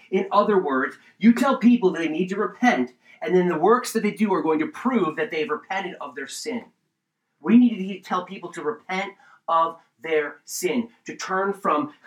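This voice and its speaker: A man teaches through scripture in a lively preaching style, breaking into asides. His voice sits a little high, and the room around him is echoey. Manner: animated, preacherly, with asides and rising excitement. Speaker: pastor. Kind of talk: sermon, Bible teaching.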